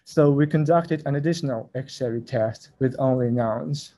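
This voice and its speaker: Man presenting a research talk, mellow voice. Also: medium pitch, unhurried, slight background noise, low-quality recording. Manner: careful, reads out acronyms letter by letter. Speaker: conference presenter.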